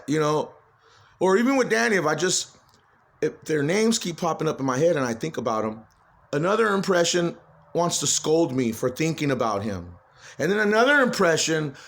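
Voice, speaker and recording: Guy rambling into his phone cam, worked up, cussing, voice high and jumping all over. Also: a bit bright. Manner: agitated, swears freely, repeats himself. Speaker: vlogger. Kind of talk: rambling personal monologue.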